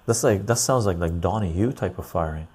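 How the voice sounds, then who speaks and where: A man's voice: low voice, fairly quick, darkish tone, husky. A man hosting a casual livestream, reading chat aloud and rambling loosely. He sounds tired and laughs easily.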